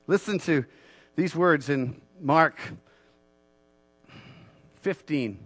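A man's voice: a little high, normal speed, no room sound. Fervent, dry-sounding male preacher. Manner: swells from quiet earnest talk to loud, fervent preaching; repeats phrases for emphasis. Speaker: pastor. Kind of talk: sermon.

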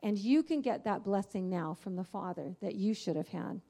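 A woman's voice: mid-range voice, lively intonation, moderate pace, creaky, dark tone. A woman giving a Christian teaching, telling her own story in an earnest, candid way with frequent fillers. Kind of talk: personal testimony in a faith teaching.

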